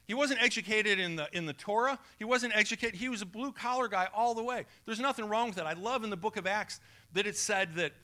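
Guy preaching a sermon, chatty and animated, kinda high bright voice. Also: a little fast. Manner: conversational, animated, acts out quoted voices. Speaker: pastor.

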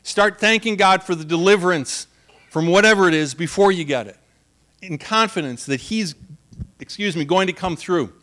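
High-voiced, joking male preacher. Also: moderate pace, a bit bright. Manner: conversational, humorous, laughs often. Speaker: pastor. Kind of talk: sermon.

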